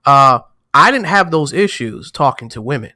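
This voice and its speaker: Bright-toned New man in casual chat. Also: medium pitch, expressive, normal speed, dry recording, studio quality. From New York. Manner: loose, boastful storytelling with slang. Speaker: podcast co-host.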